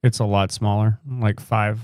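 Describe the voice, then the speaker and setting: A man's voice: lowish voice, little pitch movement, measured pace, darkish tone, no echo, studio quality. An American man co-hosting a live podcast, rambling through opinions with casual swearing. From United States. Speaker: podcast co-host.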